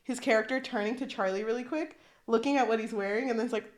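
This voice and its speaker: A young woman co-hosts a podcast, chatting casually and animatedly, swearing freely and acting out characters' lines. Her voice is on the high side and she talks quickly.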